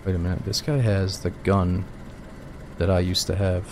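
A man's voice: sits low, little pitch movement, moderate pace, noisy background. A man streaming a survival game, giving casual commentary, swearing freely and calling people "dude".

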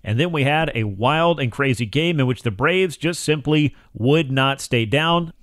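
A man's voice: medium pitch, a little slow, no echo, clean studio sound. Polished male sports radio host. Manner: energetic, polished broadcaster delivery. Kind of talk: sports radio talk show. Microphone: studio microphone.

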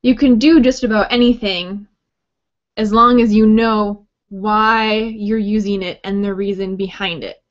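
A woman's voice: medium pitch, fairly even intonation, measured pace, dull audio. A woman teaching a writing workshop on grammar, explaining in a friendly way with light joking asides. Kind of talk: recorded grammar lesson talk.

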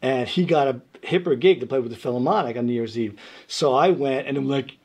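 Husky New man telling stories. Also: mid-range voice, brisk. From New York. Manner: animated storyteller, loud when acting out quotes. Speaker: guest musician. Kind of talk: casual interview storytelling.

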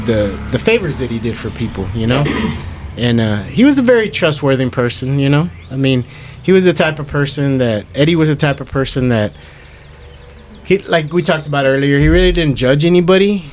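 A man's voice: medium pitch, a little hiss or hum. A middle-aged man sharing memories of his late brother in casual family conversation, rambling with many fillers and acting out quoted dialogue.

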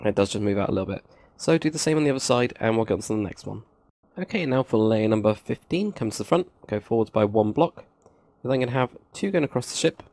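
Brief: male tutorial host, gravelly voice, dry close sound, chatty and self-mocking. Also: fairly low pitch, lively intonation, quick pace, darkish tone, no room sound. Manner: counts blocks aloud, chatty asides, self-mocking. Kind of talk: casual screen-recorded building tutorial.

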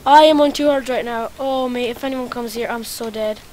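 A high-pitched woman narrating her own gameplay in a let's play. She is excitable, swears freely and loops the same phrases again and again. A faint hiss sits under her voice. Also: brisk. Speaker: gaming channel host.

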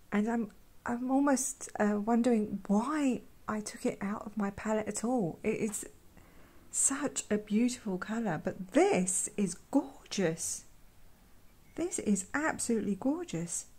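A woman talking softly while swatching paints, often dropping to a whisper and gushing with delight. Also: medium pitch, measured pace. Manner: gushing, effusive, trails off into whispers. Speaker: art vlogger. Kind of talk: soft-spoken swatching commentary.

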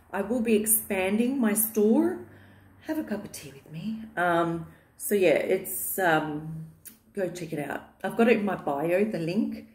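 A woman chatting casually in her vlog, gushing and affectionate, with lots of fillers, filmed in the living room of her new home. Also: medium pitch. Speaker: vlogger. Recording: echoey bare room.

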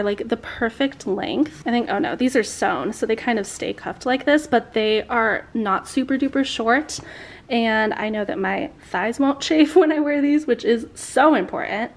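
Bubbly young woman gushing over clothes. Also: a little high. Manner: bubbly, gushing, chatty with frequent laughs. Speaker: vlogger. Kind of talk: casual try-on haul vlog.

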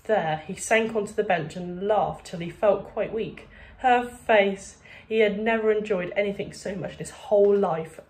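A woman reading a children's book aloud with steady, expressive narration. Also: mid-range voice, moderate pace. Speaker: reader. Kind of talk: storybook read-aloud.

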